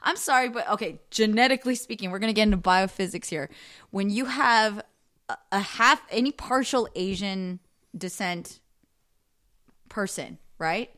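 A young woman co-hosts a podcast in casual chat, her voice in a middle pitch. She pushes her opinions emphatically and breaks off into quick asides. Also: fairly bright tone. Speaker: podcast co-host.

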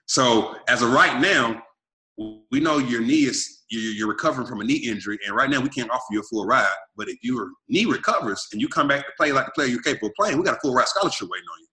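A man in his thirties from Arkansas, telling his life story in an energetic, emphatic way and acting out what he and others said. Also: medium pitch, fast talker, roomy sound. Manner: energetic, repetitive and emphatic, quotes himself and others. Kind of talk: animated storytelling.

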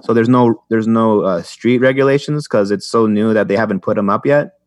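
A man's voice: on the low side, normal speed. A young man telling stories in a rambling way as a podcast guest, with many restarts and fillers. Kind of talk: casual chat.

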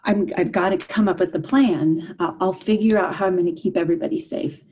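Mellow husky-voiced woman recounting hardship. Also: lowish voice, rough recording. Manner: earnest, halting, many fillers and restarts. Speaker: guest, parent. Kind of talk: personal testimony in an interview.

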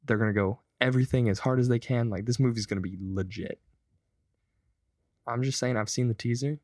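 A man's voice: mid-range voice, fairly even intonation, fairly quick, darkish tone, dry recording, clean studio sound. A young man co-hosting a podcast, telling stories loosely and swearing freely in casual chat. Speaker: podcast co-host.

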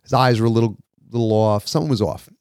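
A man, co-hosting a podcast and telling a story in an animated way, acting out the people he quotes. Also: mid-range voice, quick pace, clean tone, no room sound, studio quality. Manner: animated, acts out quoted voices. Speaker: podcast co-host. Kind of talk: casual storytelling.

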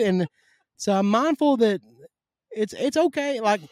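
A man with a warm Southern drawl tells stories in a folksy, animated manner, full of down-home sayings. His voice sits a little higher than most men's, and the recording is close and dry. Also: normal speed, pauses often, dry recording. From Kentucky. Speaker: podcast guest. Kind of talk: casual conversation.

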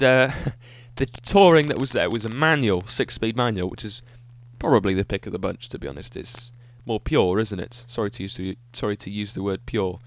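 Enthusiastic man chatting solo. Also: lowish voice. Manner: enthusiastic, rambling, self-correcting. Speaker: podcast host. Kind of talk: solo casual podcast monologue.

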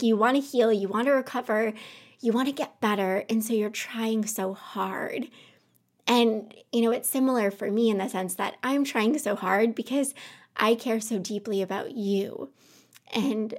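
A slightly high-pitched woman talks from her home office on her podcast, improvising a personal monologue. She wanders a little, sounds sincere and introspective, and seems on the verge of crying.

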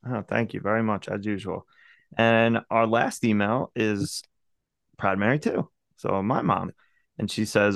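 A man's voice: fairly low pitch, a little slow, creaky, a bit bright, no room sound, studio quality. A young man co-hosting a podcast, chatting casually and joking while reading out listener emails. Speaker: podcast co-host.

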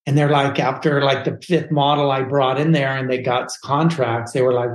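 A man, a photographer guest, telling his life story in a casual, animated way, full of "like" and "dude". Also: medium pitch, moderate pace, hardly any pauses. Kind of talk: personal storytelling in a podcast interview. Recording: roomy echo.

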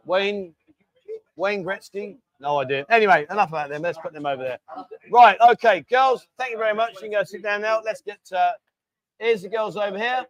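A man with a fairly high voice hosts a casual live stream, chatting loosely and reading out viewer messages. He calls everyone mate and keeps the talk informal. The sound is dry and close. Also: fairly quick, no room sound.

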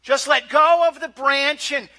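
A male preacher voicing God in a joke, in a booming, reassuring voice. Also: fairly even intonation, a little slow, sharp tone, exaggerated voice.

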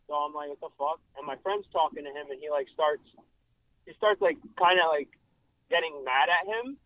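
A young man telling a story in a casual interview, animated and full of fillers, calling in over a breaking-up phone line. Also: on the high side, normal speed, no room sound. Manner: animated, filler-heavy, swearing. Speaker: car photographer guest. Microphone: phone call, breaking up. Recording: dry thin phone line.

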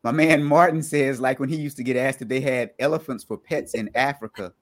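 A man from the American South with a Southern accent, hosting a podcast in a playful, teasing way with quick restarts. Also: mid-range voice, fairly even intonation. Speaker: podcast host. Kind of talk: casual interview chat.

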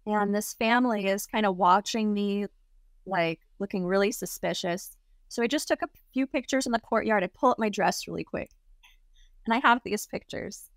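A woman's voice: medium pitch, normal speed, no echo, clean studio sound. A young adult woman, a guest on an interview show, telling a personal story casually and filling it with lots of "like". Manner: chatty, heavy use of "like" fillers.

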